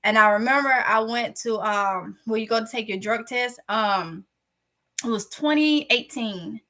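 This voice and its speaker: Woman, Mississippi Southern accent, casual vlog storytelling, candid, bright tone. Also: a little high, a little slow. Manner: chatty, candid, lively retelling. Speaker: vlogger.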